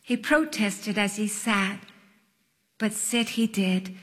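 A woman's voice: mid-range voice, slow pace, a bit bright. A woman narrating her memoir in a wry, literary, self-mocking manner. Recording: long echoing reverb.

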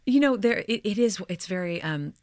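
A woman's voice: medium pitch, moderate pace, dry recording. Woman from oklahoma, chatty, laughs a lot, dry close mic. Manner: lively, laughing, full of restarts. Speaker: actress, interview guest. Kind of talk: casual interview chat.

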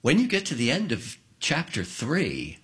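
A male host asking curious, measured questions on stage, and announcing the recording. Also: medium pitch, huge pitch swings, a bit bright, breathy edge. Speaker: radio interviewer host.

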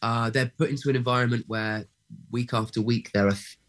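A young actor, a guest in a casual interview, pausing often with fillers and restarts as he thinks aloud. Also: medium pitch, fairly even intonation, low-quality recording. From England. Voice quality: many fillers and restarts, thoughtful.

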